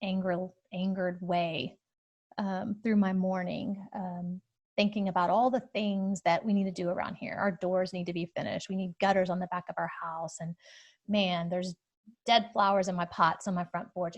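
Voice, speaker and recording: A woman's voice: on the low side, fairly even intonation, moderate pace. A woman in her thirties hosting a podcast, telling a personal story in an open, searching way with plenty of fillers and restarts. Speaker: podcast host.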